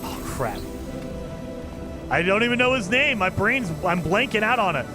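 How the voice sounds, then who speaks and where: A man's voice: high voice, sing-song, moderate pace, over music. A man streaming a video game, chatting casually and rambling with enthusiasm, often laughing at himself. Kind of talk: casual chat while gaming.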